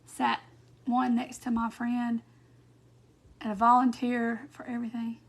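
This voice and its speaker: A high-pitched woman hosts a casual live craft stream. She talks loosely to her viewers and breaks into giggles easily. The sound comes through a phone or webcam mic. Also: monotone, measured pace, vocal fry. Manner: giggly, laughs often while talking. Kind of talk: casual live chat reading viewer comments.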